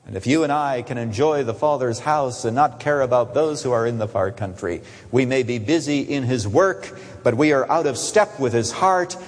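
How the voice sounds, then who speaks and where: A man preaching a sermon with animated delivery, swinging from soaring emphasis to hushed, low asides. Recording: long echo of a large hall.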